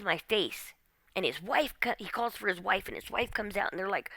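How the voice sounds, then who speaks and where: A woman with a bright, gravelly voice tells her own story straight to camera, tense and full of "like" and "okay?" fillers. Her voice sits dry and close on the mic. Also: medium pitch, expressive, fairly quick, dry recording. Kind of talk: personal storytelling monologue.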